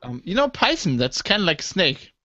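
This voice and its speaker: A man co-hosting a podcast, talking quickly and jokingly in casual chat, often trailing off. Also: fairly high pitch, big pitch swings, sharp tone, dry recording, muffled recording. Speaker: podcast co-host.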